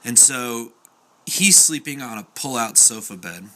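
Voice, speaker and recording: A man's voice: mid-range voice, expressive, a little slow, pushed and bright. A young man casually telling a true story, chatty, with fillers and acted-out quotes.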